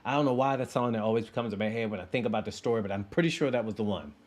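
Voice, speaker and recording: A man in his thirties telling a casual personal story to his listeners, animated and playing out his own inner voice. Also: fairly low pitch, racing. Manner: animated, acts out sounds and inner voice. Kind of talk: casual anecdote told to listeners.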